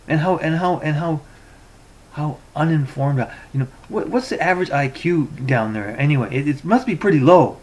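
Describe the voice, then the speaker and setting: A man's voice: a little high, expressive, normal speed. Exasperated, stammering man ranting. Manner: rambling, stammering repetitions; sarcastic and exasperated. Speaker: tech vlogger. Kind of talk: ranting commentary reading forum posts.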